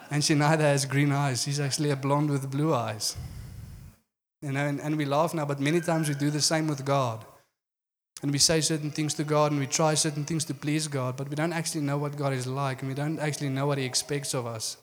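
A man's voice: fairly high pitch, fairly even intonation, a little fast, a little hiss or hum. Earnest male preacher in a reverberant hall. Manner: earnest, frequent "you know" fillers. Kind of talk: sermon.

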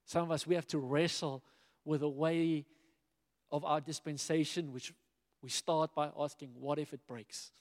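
A man preaching a sermon in a lively way, acting out the dialogue of biblical figures as he retells the stories. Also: fairly high pitch, a little slow. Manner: animated, acts out biblical dialogue in quoted voices. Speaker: pastor. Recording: long hall reverb.

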